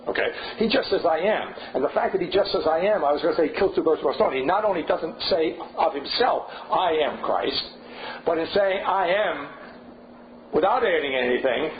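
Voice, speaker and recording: Older man lecturing in a seminar, lo-fi. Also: on the high side. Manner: thinking aloud, frequent restarts and asides. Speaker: seminar leader. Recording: dull lo-fi recording with faint hiss.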